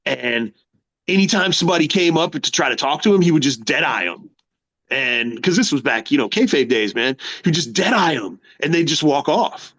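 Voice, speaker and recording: Male host, somewhat high voice, easygoing rambling storyteller. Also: animated, moderate pace, a bit bright. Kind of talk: casual chat.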